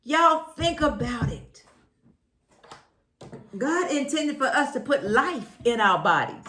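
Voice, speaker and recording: A woman's voice: sits high, very animated, takes it slowly, pauses often, bright, forceful tone, roomy sound, slight background noise, poor audio. Exclamatory woman in her seventies. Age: 70s. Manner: exclamatory and preachy, repeats phrases. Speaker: health vlogger. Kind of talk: casual chat while juicing.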